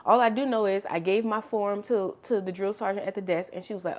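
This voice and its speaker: A young woman chats through a personal story for her vlog, animated and expressive. Her voice sits at an ordinary middle pitch. Her delivery jumps from hushed asides to loud bursts, and she speaks to the listener like a close friend. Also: fairly quick. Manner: animated, expressive storytelling with sharp swings in loudness; chatty, addresses listener as honey and girl. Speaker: vlogger. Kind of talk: casual storytime chat.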